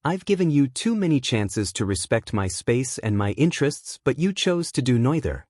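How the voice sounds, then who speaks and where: A man's voice: mid-range voice, big pitch swings, moderate pace, a little mellow, no echo, clean studio sound. A man reading as a shy teenage boy speaking firmly. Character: shy teenage boy, finally standing firm.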